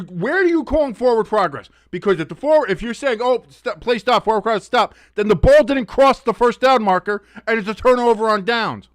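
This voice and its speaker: A man hosting a live sports watch-along, talking through the plays, swearing freely and arguing loudly with the referees' calls. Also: very high voice, no echo, studio quality. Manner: excitable, swears, argues with the referees.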